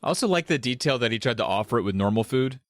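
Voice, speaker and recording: Chatty podcast man, lively pitch. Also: fast talker, no echo. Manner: laughs easily, chatty. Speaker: podcast co-host. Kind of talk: casual chat.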